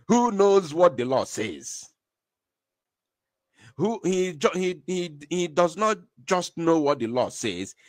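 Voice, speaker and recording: Nigerian guy ranting live, super lively pitch, keeps asking did you hear him. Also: takes it slowly, pauses often, dry recording. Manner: emphatic, repetitive, rhetorical questions. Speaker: live-stream commentator. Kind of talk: impassioned live commentary.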